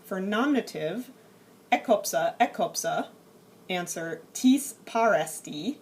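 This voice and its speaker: A woman's voice: medium pitch, lively intonation. Woman patiently explaining Greek grammar. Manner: clear, patient explaining, slows to spell out forms. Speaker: Greek teacher. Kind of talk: recorded lecture over slides.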